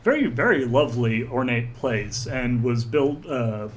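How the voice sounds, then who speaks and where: A man's voice: medium pitch, animated, measured pace, a little hiss or hum. A man running a tabletop role-play as game master, narrating with many fillers and restarts.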